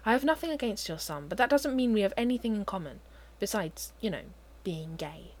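A woman with a natural voice narrates briskly with lively intonation and a wry mood. She voices an easygoing young man who teases and gets flustered, pitching his lines slightly higher than her narration.

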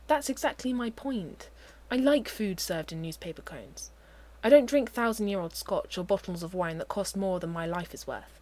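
A woman voicing an easygoing young man who teases and gets flustered, his lines pitched a little higher than her narration. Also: normal speed, darkish tone, close to an everyday voice. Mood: wry.

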